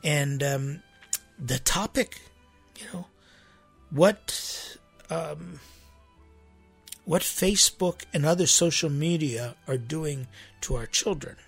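Gravelly, husky-voiced priest preaching casually. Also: male voice, a little high, takes it slowly, long pauses, soft background music. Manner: rambling, repeats himself, rhetorical "right?" asides. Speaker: Armenian church priest. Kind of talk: conversational sermon to a congregation.

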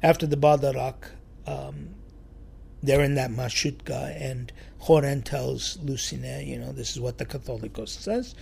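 A man telling a church story in a sermon, lively and acting out the quoted voices. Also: mid-range voice, unhurried, gravelly, slightly rough. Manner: animated storyteller, acts out quotes.

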